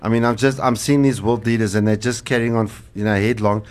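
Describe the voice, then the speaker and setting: Low-voiced pastor. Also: male voice, fairly even intonation, quick pace, darkish tone. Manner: earnest, rambling with fillers and restarts. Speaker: pastor and co-host. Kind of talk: casual religious talk show chat.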